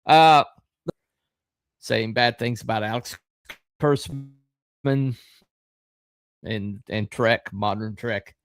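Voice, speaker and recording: A middle-aged man hosting a podcast, talking in a rambling, halting way with lots of fillers and a wry, sarcastic edge. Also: lowish voice, smooth. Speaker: podcast host. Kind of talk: casual live-stream commentary.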